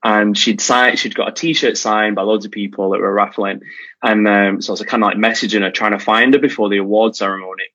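A man from the UK telling animated stories as a podcast guest, with quick restarts. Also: on the low side, slightly rough, lo-fi sound. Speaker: guest, charity founder. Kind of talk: casual podcast chat.

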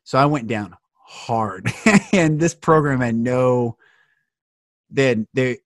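A man's voice: mid-range voice, slow, no echo, clean studio sound. A man hosting a podcast, speaking earnestly and with passion in a heartfelt conversation. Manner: earnest, impassioned. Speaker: podcast host.

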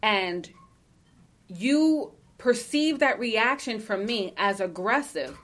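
A woman co-hosting a podcast, speaking at a medium pitch with emphatic conviction. She swears freely and breaks into laughter often. At times she reads a listener's letter aloud. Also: a bit bright. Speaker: podcast co-host. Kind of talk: casual podcast chat.

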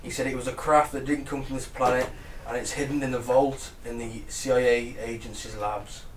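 A man's voice: medium pitch, level tone, a little fast, distant mic. A man co-hosting a podcast, chatting casually in a dry, offhand way. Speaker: podcast co-host. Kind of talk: casual chat. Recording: roomy, off-mic, noisy.

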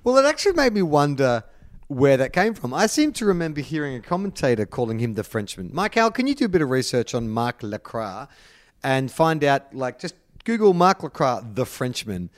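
Australian man, sports podcast co-host, playful and sweary, very animated pitch. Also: brisk, dry recording. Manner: playful, swearing, lively intonation. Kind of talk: casual sports chat.

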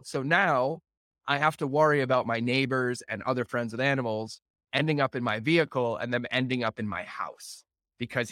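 A man hosting a podcast, telling a family story in a casual, animated way and acting out the voices of his wife and son. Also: mid-range voice, dry recording. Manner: animated, acts out family dialogue with laughs. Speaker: podcast host.

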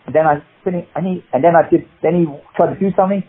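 Male interview guest, husky voice, rambling, animated anecdotes, phone-thin sound. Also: on the high side, quick pace. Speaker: guest, martial arts actor. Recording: tinny phone-like line.

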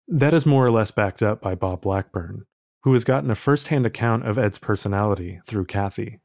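A man giving steady, scripted documentary narration. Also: lowish voice, normal speed, vocal fry, no room sound, clean studio sound. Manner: steady, formal.

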